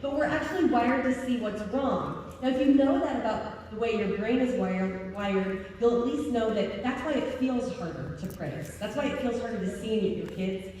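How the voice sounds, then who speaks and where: A woman's voice: on the high side, moderate pace, hardly any pauses, darkish tone, a little hiss or hum. A woman giving a humorous, self-deprecating talk to homeschool parents, often laughing as she speaks. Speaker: convention speaker. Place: large convention hall. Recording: echoey hall from far off.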